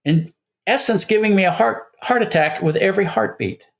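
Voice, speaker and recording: A man's voice: sits high, lively intonation, moderate pace. A man in his seventies, a guest in an interview, telling a story in a casual way and acting out the dialogue he quotes. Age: 70s.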